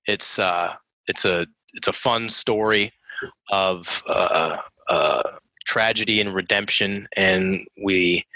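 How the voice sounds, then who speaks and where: A man's voice: on the low side, sharp tone, no room sound. A man as a podcast guest, talking enthusiastically and emphatically about his work. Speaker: podcast guest, course creator. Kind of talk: casual interview chat.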